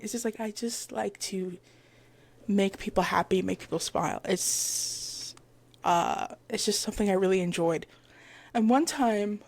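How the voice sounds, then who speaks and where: A woman's voice: mid-range voice, dry recording. A woman in her twenties hosting her own podcast, casually retelling stories and acting out the people in them. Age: 20s. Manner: chatty, retells stories with lively quoted voices. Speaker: podcast host. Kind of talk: casual solo podcast chat. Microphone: headphones with mic.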